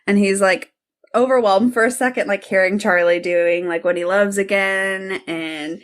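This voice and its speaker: A woman's voice: medium pitch, steady tone, normal speed. A woman co-hosting a podcast, gushing as she recaps an episode in casual chat. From United States. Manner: enthusiastic, gushing storyteller. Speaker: podcast co-host.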